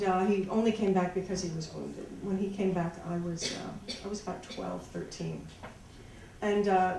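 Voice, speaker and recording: A woman telling a personal story live on stage, halting with restarts and wry, laughing asides. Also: medium pitch, darkish tone, slight background noise. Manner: halting, many restarts and fillers. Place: small live venue. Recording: echoey, far-off room mic.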